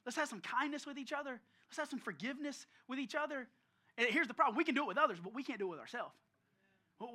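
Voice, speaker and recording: A man preaching as a pastor, telling a story in a lively, conversational way and calling out listeners by name. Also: very high-pitched. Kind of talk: storytelling sermon. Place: church service.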